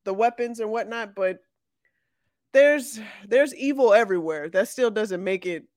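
A podcast co-host in casual chat, talking haltingly with many restarts. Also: mid-range voice, dry recording, clean studio sound. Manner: hesitant, stumbling restarts, slow.

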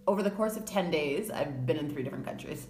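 A woman's voice: low-pitched, animated, fast, darkish tone, reverberant, soft background music. A woman co-hosting a podcast in casual chat, wry and self-deprecating, sounding tired. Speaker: podcast co-host.

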